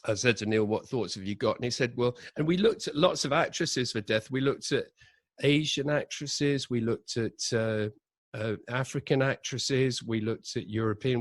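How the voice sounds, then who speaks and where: A man, a director, telling production anecdotes in a relaxed interview and acting out the quotes he recalls. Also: mid-range voice, no echo. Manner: animated anecdotes with acted-out quotes. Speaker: audio drama director, interview guest. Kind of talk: conversational interview storytelling.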